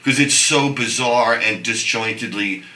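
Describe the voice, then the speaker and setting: A middle-aged man telling stories in casual chat, animated, swearing and restarting his sentences. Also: mid-range voice, a little slow, reverberant, poor audio. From New York. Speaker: guest.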